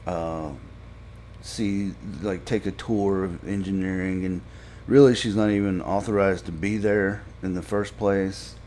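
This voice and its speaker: A man casually recapping a TV episode for a podcast, halting with frequent fillers and restarts. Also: lowish voice, warm tone, a little hiss or hum. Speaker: podcast reviewer.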